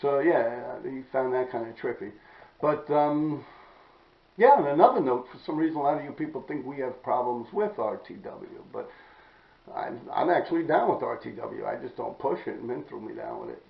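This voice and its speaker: Podcast host, New man, heavy vocal fry, blunt and profane, roomy dull recording. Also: medium pitch, expressive, moderate pace. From New York City. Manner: blunt, profane, rambling, clears throat often. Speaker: podcast host telling graffiti stories. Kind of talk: casual storytelling monologue.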